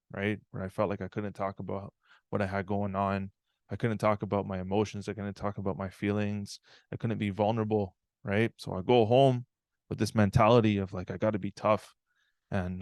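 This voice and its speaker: A man with a voice on the low side gives a live online talk, sharing a personal story in an earnest, reflective way and often checking in with "right?". The studio-quality recording has no echo.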